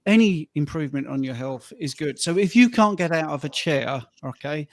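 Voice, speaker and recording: Brit coach guy telling client stories on a video call, kinda high voice, dry close sound. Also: lively intonation, moderate pace, dry recording. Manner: storytelling, acts out quoted voices. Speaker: fitness coach and co-host. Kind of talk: casual chat on a live stream.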